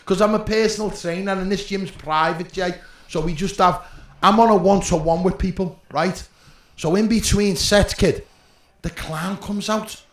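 A man with a Scouse accent telling rowdy stories in casual chat, swearing and laughing loudly. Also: sits high, steady tone, moderate pace, echoey room. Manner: swearing, storytelling, loud laughs. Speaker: podcast guest.

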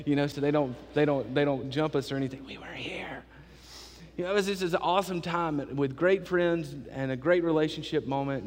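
A man preaching a sermon, telling a lively, joking story to his church. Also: on the high side, big-room sound.

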